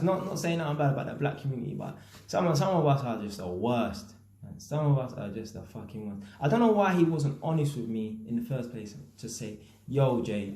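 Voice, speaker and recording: London guy ranting casual, lots of yeah and innit, swears, warm darker voice. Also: medium pitch, reverberant. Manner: slangy, repeats "yeah?" and "innit", swears, acts out quotes. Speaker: vlogger, builder and landlord. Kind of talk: casual storytelling rant.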